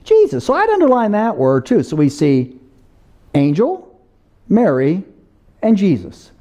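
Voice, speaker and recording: A male pastor delivers a chatty, interactive sermon, his voice rising and falling with a lively swing. The tone is mellow and warm rather than bright. He breaks in with casual asides and asks his congregation to call out answers. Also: sits high, unhurried. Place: church service.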